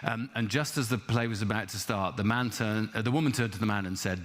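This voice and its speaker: A man's voice: on the low side, fairly quick. A man with a British accent, speaking on a discussion panel as a trade minister in a hesitant, apologetic, chatty manner. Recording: reverberant hall.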